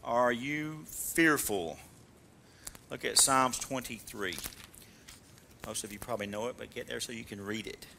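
A man preaching a sermon, coaxing call-and-response from the congregation and swinging from loud exhortation to soft, low asides. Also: measured pace, gravelly, long pauses, slight background noise. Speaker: pastor.

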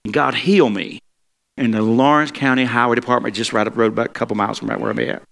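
Brief: male pastor, raspy fry in the voice, mid-range pitch, folksy preaching and prayer. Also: fairly even intonation, fast talker, fairly bright tone. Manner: folksy, preaching with call-and-response. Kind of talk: sermon and prayer.

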